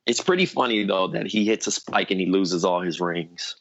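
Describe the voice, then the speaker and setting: A man's voice: low-pitched, normal speed, a bit bright, no room sound. A man riffing wryly during a podcast chat. His voice comes through a slightly muffled, lo-fi call line. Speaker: podcast co-host. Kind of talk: casual group chat.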